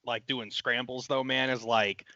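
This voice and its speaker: A man co-hosting a casual podcast, reasoning out loud with lots of "like" and "I mean". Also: medium pitch, steady tone, a little slow, dry recording, muffled recording. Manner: talks things through, full of "like" and "I mean". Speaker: podcast co-host. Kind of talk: casual chat.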